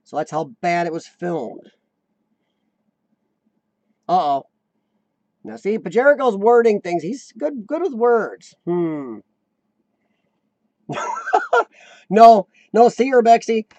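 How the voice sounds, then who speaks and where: A man's voice: high-pitched, big pitch swings, takes it slowly, pauses often, warm tone, no room sound, highs cut off. An American man hosting a casual live stream, chatting loosely with viewers and reading their comments aloud. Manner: chatty, rambling, reads chat aloud.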